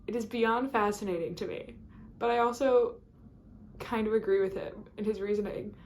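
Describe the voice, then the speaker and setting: A woman's voice: mid-range voice, steady tone, normal speed, a little mellow, a little hiss or hum. Chatty woman vlogging with endless fillers. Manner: rambling, chatty, many fillers and restarts. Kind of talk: casual chat to camera.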